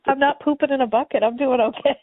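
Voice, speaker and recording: Man, co-host, very high voice, slow, giggly short reactions, dry tinny audio. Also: steady tone, dry recording. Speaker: podcast co-host. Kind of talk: casual comedic chat.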